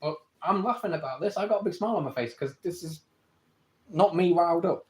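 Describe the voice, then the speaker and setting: A man's voice: high-pitched, animated, darkish tone. A man with an English accent on a live stream, arguing his points to viewers and answering their comments. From England. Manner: argumentative, rapid back-and-forth rebuttals; reads viewer comments aloud and answers them. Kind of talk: live-stream debate with chat.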